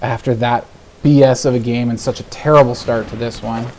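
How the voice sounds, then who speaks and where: Male gameplay host, frustrated rant, mutters then yells, mid pitch. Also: fairly even intonation, brisk, a little hiss or hum. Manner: exasperated ranting, swearing, swings between muttering and shouting. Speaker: gaming video host. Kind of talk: live gameplay commentary.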